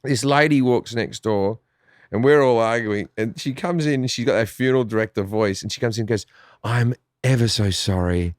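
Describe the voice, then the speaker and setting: A man's voice: mid-range voice, fairly quick, dry recording, clean studio sound. A man with an Australian accent, a comedian guest telling a story in a casual chat. He swears often and acts out his family's voices.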